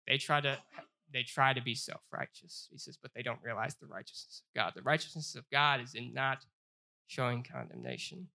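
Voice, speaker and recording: Man, Bible study teacher, bright voice, earnest, repeats himself and slows down for scripture. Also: mid-range voice, vocal fry. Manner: earnest, repeats phrases, stumbles and restarts; reads scripture aloud with slow emphasis.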